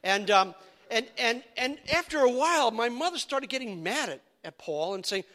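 A male pastor preaching a sermon, animated and stumbling over repeated words. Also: extremely high pitch, normal speed.

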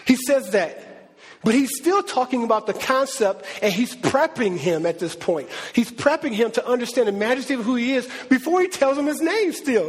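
Male preacher, high voice, husky, conversational sermon, long hall echo. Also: moderate pace. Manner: animated, conversational, acts out God's voice. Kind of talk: sermon teaching.

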